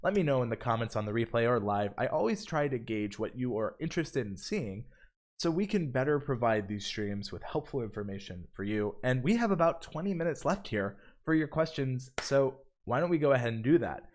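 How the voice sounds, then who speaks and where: A man's voice: medium pitch, sing-song, fairly quick, darkish tone. A man hosting a live stream tutorial, upbeat, reading viewer comments aloud between explanations. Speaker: livestream host. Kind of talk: live stream tutorial with chat shout-outs.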